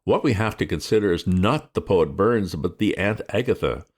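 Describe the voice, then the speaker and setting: A man voicing a breezy, flippant young gentleman who chatters excitably. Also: deep voice, moderate pace.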